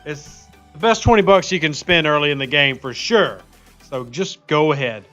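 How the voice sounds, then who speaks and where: A man with a fairly high voice hosts a live game stream, chatting in a quick, upbeat way and greeting viewers one by one. The audio is slightly dull and lo-fi, with faint music underneath. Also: animated, pushed and bright. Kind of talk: casual live-stream chat.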